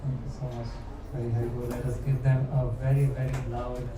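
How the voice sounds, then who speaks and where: A man's voice: mid-range voice, completely flat delivery, a little fast. Devotional male emcee in a roomy temple. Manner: warm, devotional, leads call-and-response chants. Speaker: temple event host. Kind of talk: emcee announcements at a festival. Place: temple hall. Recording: roomy temple hall from far off with noise.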